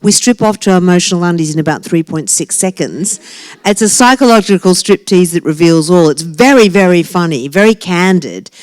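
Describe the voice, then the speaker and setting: A woman's voice: lowish voice, animated, fairly quick, darkish tone, no room sound. A woman in her sixties, an author talking to a live audience in a brash, joking way and laughing often. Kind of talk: lively talk to a live audience. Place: library talk event.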